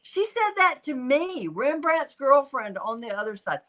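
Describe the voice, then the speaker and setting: Older woman, slow unhurried pace, animated storytelling, casual livestream host. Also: sits high, rough recording. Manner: animated storytelling, quotes spirits in voices. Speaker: psychic medium, show host.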